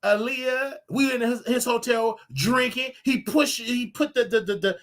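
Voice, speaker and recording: A man hosting his own livestream show, talking casually in a preachy, animated way with laughing asides. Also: extremely high pitch, measured pace.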